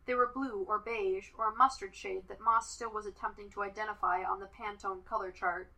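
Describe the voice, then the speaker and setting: Woman reading a fanfic aloud, calm even voice, mid pitch. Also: a little fast, vocal fry, rough recording. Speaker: podfic reader. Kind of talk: reading fan fiction aloud.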